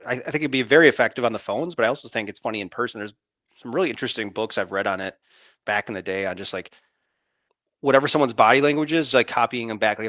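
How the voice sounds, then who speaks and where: Animated rambling man on a podcast. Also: mid-range voice, no echo. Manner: animated, rambling, acts out phone calls. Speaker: podcast co-host, salesman. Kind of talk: casual chat.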